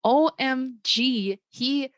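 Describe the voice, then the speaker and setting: A woman's voice: sits high, extremely slow, clean tone, no echo. A woman co-hosting a podcast in casual chat, talking in a gushing, enthusiastic way. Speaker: podcast co-host.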